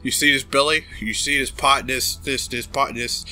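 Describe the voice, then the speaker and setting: A man's voice: medium pitch, steady tone, moderate pace, sharp tone, soft background music. A man voicing a gluttonous, arrogant male corporate boss in a comedic fan dub of a game, crude and boastful. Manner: crude, boastful, smacking over cake.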